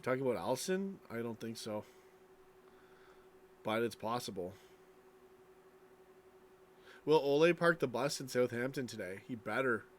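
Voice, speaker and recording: A man's voice: mid-range voice, expressive, moderate pace, slight background noise. A tired man streaming late at night, reading chat and rambling casually, yawning as he talks. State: sleepy, yawning.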